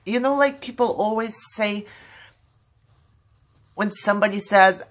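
A woman's voice: medium pitch, measured pace, pauses often. A woman from Germany, talking candidly and apologetically while opening mail, fighting back tears. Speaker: craft vlogger opening mail.

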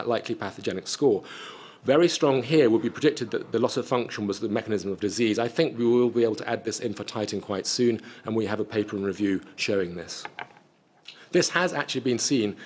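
Man, low voice, conference presenter, technical, measured, restarts phrases. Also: darkish tone, slightly rough. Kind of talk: scientific talk and Q&A answers.

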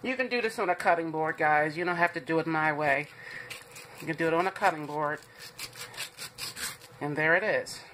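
A woman's voice: sits low, normal speed, long pauses, fairly bright tone, slight background noise. A woman hosting a home cooking show, walking viewers through a recipe in a chatty, reassuring way and calling them "guys".

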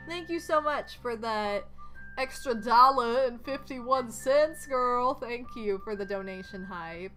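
A woman with a fairly bright voice on the high side speaks slowly as she streams gameplay, chatting casually and rambling with plenty of "like." She gushes thanks to donors while music plays behind her.

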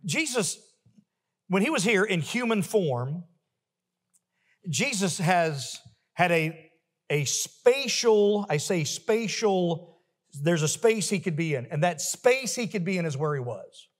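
A male pastor preaching a sermon emphatically, building to forceful refrains. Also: high-pitched, big pitch swings, slow, in a large hall. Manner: emphatic, rising to forceful peaks with repeated refrains. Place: church sanctuary.

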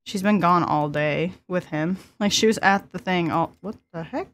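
A woman's voice: lowish voice, moderate pace, slight background noise. A woman in her twenties hosting a casual gameplay commentary, chatty and giggly, talking to her characters as she plays. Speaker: let's play host.

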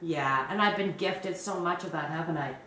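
A woman's voice: sits low, moderate pace, sharp tone, a little hiss or hum. A woman hosting a crochet video, chatting casually, rambling and laughing often. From Canada. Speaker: crochet channel host. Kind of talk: casual chat. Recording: roomy, distant mic.

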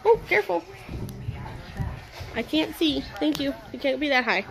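A woman's voice: sits high, animated, moderate pace, long pauses. A woman dog trainer at home, talking to her dogs with sing-song praise and short commands. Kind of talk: talking to dogs during play.

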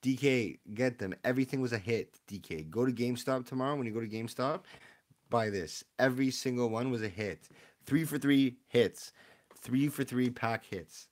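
Male streamer, mid-pitched, chatty and excitable, casual live-stream host. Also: normal speed. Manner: excitable, chatty, talks to viewers. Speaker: streamer opening card packs.

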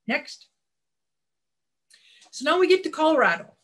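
A woman's voice: high voice, sing-song, unhurried, fairly bright tone. A woman giving a conversational slide presentation on wildlife, speaking in a folksy, plainspoken way, often restarting her sentences and calling for the next slide.

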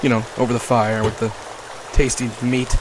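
A young man giving comedic gameplay commentary, playful and crude, swinging from mock-tender talk to yelling and swearing. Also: mid-range voice, flat delivery, normal speed, very noisy. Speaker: gaming YouTuber.

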